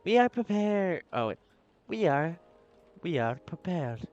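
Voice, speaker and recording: A man's voice: fairly high pitch, a little slow, dull audio, voice pushed up. A man putting on an alien hive-mind voice. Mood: formal. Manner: flat, formal, collective speech.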